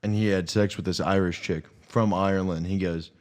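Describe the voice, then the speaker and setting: A man's voice: deep voice, steady tone, fairly quick, a little mellow. A man co-hosting a casual podcast, telling crude stories with lots of fillers. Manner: crude storytelling banter. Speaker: podcast co-host. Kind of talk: casual chat.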